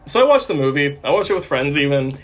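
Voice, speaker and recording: A man's voice: on the high side, fast talker. A young man co-hosting a casual podcast, chatting eagerly about films and laughing often. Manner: animated, laughs often, rambling fan talk. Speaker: podcast co-host. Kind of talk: casual chat. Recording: faint background noise.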